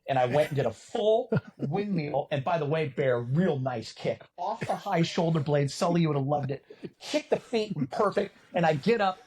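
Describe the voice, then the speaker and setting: A middle-aged man telling a story as a podcast guest in a casual, animated way, cursing and poking fun at himself. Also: a little high, normal speed, slightly rough. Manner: animated, profane, self-mocking. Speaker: podcast guest, former volleyball player and announcer.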